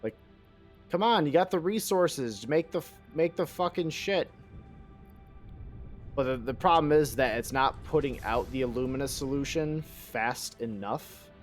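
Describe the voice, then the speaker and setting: A man's voice: medium pitch, unhurried, faint music behind. A man streaming a game live, rambling and joking in casual chat and swearing freely.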